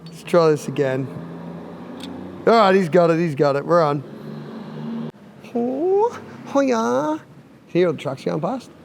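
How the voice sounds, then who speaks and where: Aussie guy doing a diy install vid, cracking jokes at himself, slightly high voice. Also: normal speed, long pauses, a little hiss or hum. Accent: Australian. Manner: larrikin banter, laughs at himself. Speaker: product installer presenting a how-to video. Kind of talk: casual jokey install tutorial.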